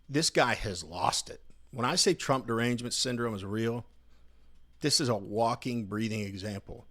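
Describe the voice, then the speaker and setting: A sarcastic young man hosts his own commentary video and talks straight into the camera. His voice sits at an ordinary middle pitch, and his delivery stays loose and mocking as he talks directly to his audience. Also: a bit bright. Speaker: political commentary host. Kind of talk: casual opinion commentary to camera.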